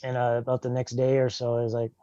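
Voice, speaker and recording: A man's voice: mid-range voice, completely flat delivery, quick pace, mellow, dry recording, muffled recording. An older man tells his own life story in plain, earnest words, often acting out what he said back then. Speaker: guest telling his testimony. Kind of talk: personal testimony, casual storytelling.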